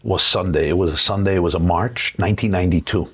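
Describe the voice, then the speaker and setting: A man's voice: sits low, husky. A middle-aged man with a New York accent, a rabbi telling stories in a TV interview, acting out the voices of the people he quotes. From United States. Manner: animated storyteller, acts out quoted voices, quick bursts then slow. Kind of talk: storytelling in a TV interview.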